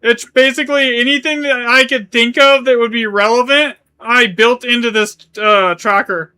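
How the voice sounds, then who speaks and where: A man's voice: very high voice, fairly even intonation, normal speed, sharp tone, smooth. A man streaming a game live, chatting casually in a rambling way, correcting himself as he goes and swearing now and then. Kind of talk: live gaming stream chat.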